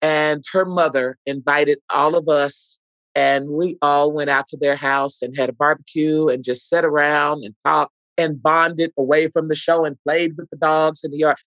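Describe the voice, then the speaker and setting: Speaking low yet with a fairly bright tone, this middle-aged woman is an actress guesting on a podcast, telling earnest, heartfelt stories and voicing other people's quotes. The audio quality is poor, though free of echo.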